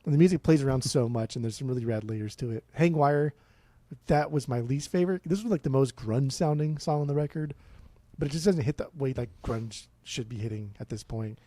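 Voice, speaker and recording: A man's voice: medium pitch, a little fast, warm tone, dry recording. A man co-hosting a casual music podcast, blunt and swearing, with many restarts. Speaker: podcast co-host.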